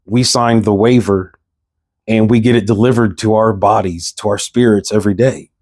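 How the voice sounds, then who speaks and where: A man delivers a fervent spiritual monologue, circling back to the same lines and firing off rhetorical questions. His tone is dark and mellow. The recording is close and dry, with no room sound. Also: lowish voice, steady tone, normal speed, dry recording. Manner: impassioned, preachy, repeats phrases, asks rhetorical questions. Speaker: vlogger. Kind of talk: passionate spiritual monologue to camera.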